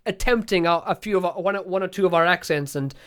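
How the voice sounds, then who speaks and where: Chatty South African podcast host. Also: male voice, high-pitched, fast talker, clean tone. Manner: laughing, chatty, often repeats words. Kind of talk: casual interview chat.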